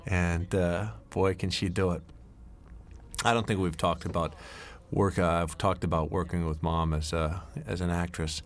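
Middle-aged man, very low voice, rambling director's commentary with lots of uhs and restarts. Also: level tone, moderate pace. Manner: rambling, anecdotal, many fillers and restarts. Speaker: film director. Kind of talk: DVD commentary.

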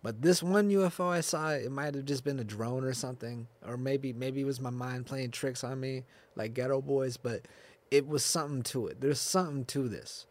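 A man's voice: mid-range voice, moderate pace, a little mellow. A young man riffs alone on his podcast in a loose, unscripted ramble. He swears freely, laughs often and restarts his sentences as he chases one tangent after another. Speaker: podcast host. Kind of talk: casual solo podcast rant.

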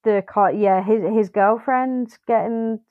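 A woman's voice: on the high side, slow pace. A woman talks through a film on a podcast in loose, casual chat, cursing freely and slipping into little acted-out quotes of her own reactions. Her voice comes through a dull, lo-fi line with a dry, close sound and no room echo. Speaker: podcast co-host.

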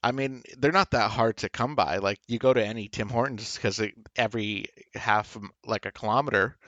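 A man's voice: lowish voice, fairly quick, fairly bright tone, no echo. Rambling man on a dull, dry mic. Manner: rambling, swears casually. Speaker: podcast co-host. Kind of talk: casual chat.

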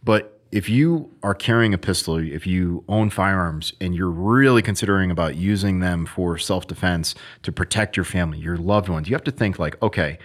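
A man with a fairly low voice tells a training story in a relaxed chat. He speeds up and acts out the lines people said. He sounds like a firearms instructor talking shop with a colleague. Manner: animated, fast storytelling with acted-out quotes.

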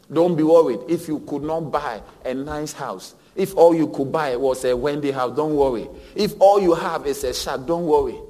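A man preaching a sermon as pastor, swinging between hushed lines and loud, emphatic repeated phrases. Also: mid-range voice. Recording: long hall reverb.

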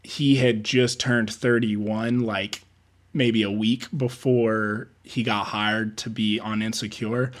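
Taking it slowly in a fairly low voice, a man who works as a production assistant tells film-set stories during a casual interview. Older than typical entry-level peers, he's an animated storyteller who acts out quotes and laughs frequently.

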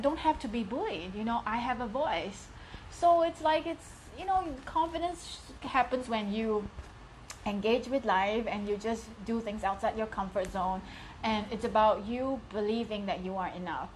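A middle-aged woman with a slightly high voice hosts a casual motivational livestream. She talks frankly and with animation, punching certain words with bursts of emphasis. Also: slight background noise, rough recording. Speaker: host of a women's group livestream.

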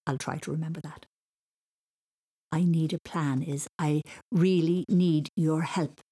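A woman's voice: low voice, steady tone, a little slow, mellow, husky. A woman voicing a determined, forgetful little boy who talks eagerly and emphatically. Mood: earnest.

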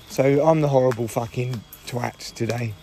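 A middle-aged man with a hoarse voice, chatting in a rambling, irritable way and swearing freely on a solo podcast recorded in a parked car. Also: medium pitch, expressive, measured pace, mellow. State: hoarse from shouting. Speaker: podcast host.

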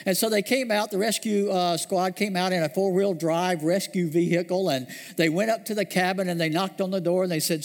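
A man preaching a sermon, telling a story and slowing down, dropping low to stress key words. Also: fairly even intonation, in a large hall. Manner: storytelling, slows and drops low for emphasis. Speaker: pastor.

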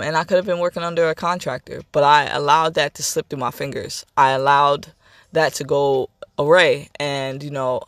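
A young man hosts a podcast in a casual personal monologue, his voice on the high side with a fairly bright tone and no room sound. He talks candidly, rambling and repeating himself, and he's getting emotional.

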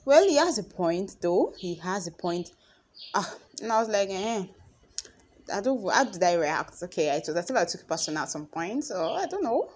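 A young woman with a Nigerian accent, talking casually to her followers in a chatty, expressive way. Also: medium pitch, moderate pace, slightly rough. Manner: chatty and expressive, acts out conversations. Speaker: vlogger.

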